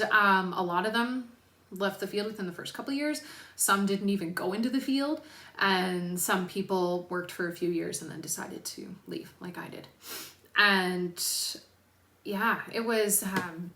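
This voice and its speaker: A young woman with a bright, sharp voice talks frankly to camera, swearing freely and leaning on fillers. Her voice rings in an echoey room, picked up by a camera mic. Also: medium pitch, a little hiss or hum. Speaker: personal trainer and vlogger. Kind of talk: candid casual monologue.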